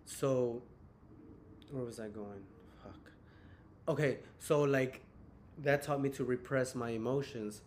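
A man's voice: medium pitch, fairly even intonation, slow pace, long pauses, a little mellow, slight background noise. A young man hosting a casual podcast chat, telling personal stories in a rambling way with many fillers. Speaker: podcast host.

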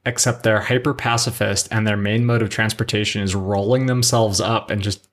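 Low-voiced man in casual podcast chat. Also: steady tone, normal speed, fairly bright tone. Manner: rambling, lots of fillers and restarts. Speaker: podcast co-host.

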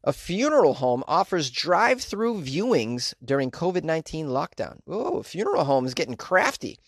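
A man's voice: a little high, very animated, moderate pace, no echo, studio quality. A man hosting a casual show, reading news stories aloud and chatting about them with joking asides and many fillers. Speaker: host reading and commenting on news.

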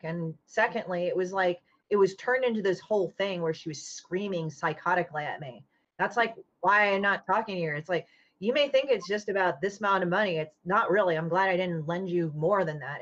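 A woman comic artist in casual podcast chat, talking bluntly and swearing freely as she retells a falling-out with lively energy. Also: on the low side. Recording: dull lo-fi audio.

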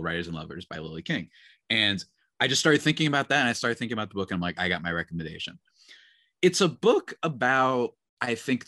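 A man with a lowish, slightly bright voice co-hosts a podcast, drifting through casual conversation with lots of fillers. There's no echo, and the studio sound is clean.

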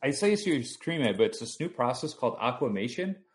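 A young adult man recounting a family story in relaxed conversation. He talks with an animated, anecdotal energy. His voice sits in an ordinary middle pitch. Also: a little fast.

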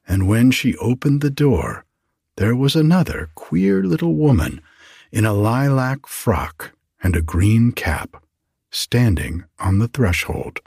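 A man hosting a sleep podcast, narrating a bedtime fairy tale in a calm, gentle way. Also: on the low side, slightly rough, no room sound, clean studio sound. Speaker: podcast host and storyteller. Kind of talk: slow bedtime story narration.

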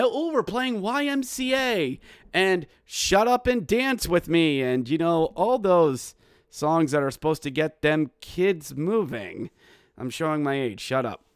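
Male podcast host, slightly high voice, dry close mic, animated fan recap. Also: clean tone, dry recording. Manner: animated, yells play-by-play with goal calls. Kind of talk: excited hockey recap.

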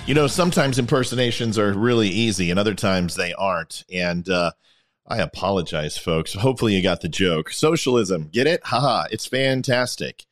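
Guy hosting his own show, lowish voice, rambling and sarcastic. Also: brisk. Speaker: podcast host. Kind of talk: casual monologue.

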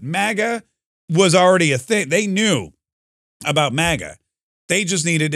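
A middle-aged male talk host with a fairly high voice, riffing sarcastically through a comedic monologue. He is close on a studio mic with a dry, dead sound. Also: fairly bright tone, no echo. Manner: sarcastic, riffs with acted-out quotes and laughs.

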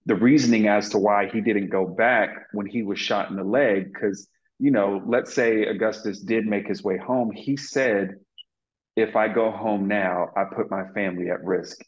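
A man being interviewed as an actor, earnestly telling stories from set, with many fillers and restarts. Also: on the low side. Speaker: actor guest. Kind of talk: casual interview storytelling. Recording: lo-fi muffled audio.

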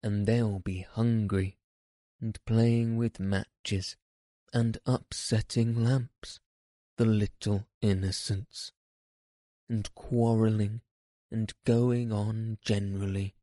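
Sobbing toad in washerwoman disguise, self-pitying storybook figure, a man doing the voice, slow and mellow. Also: fairly low pitch, flat delivery, dry recording, studio quality. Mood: tearful pleading. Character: boastful male toad disguised as washerwoman, wailing.

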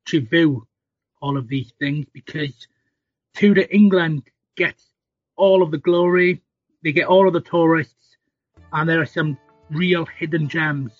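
A man guest on a podcast, an author talking in a relaxed, self-deprecating way. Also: fairly high pitch, no room sound. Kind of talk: podcast interview. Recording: slightly dull audio.

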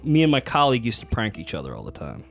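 A man who used to teach, telling lively anecdotes in a casual podcast chat and acting out the people he quotes. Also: medium pitch, fast, vocal fry, soft background music. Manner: animated anecdote teller, acts out quotes. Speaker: podcast guest, former teacher. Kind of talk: casual storytelling.

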